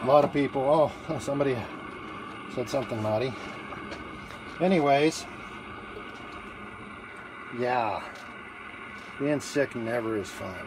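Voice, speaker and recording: A man chats casually into a phone held in one hand, standing outdoors at a grill. His talk rambles with fillers and restarts at a middling pitch. A faint outdoor hum sits behind him. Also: slow, pauses often. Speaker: livestreamer taking a food challenge. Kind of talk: casual live-stream chat. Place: outdoors at a barbecue grill in the evening.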